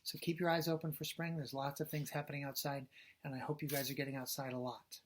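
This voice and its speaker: A man who teaches preschool, talking gently to young children and explaining books with ums and uhs. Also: fairly high pitch, level tone, quick pace, slight background noise. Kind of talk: reading aloud to young children.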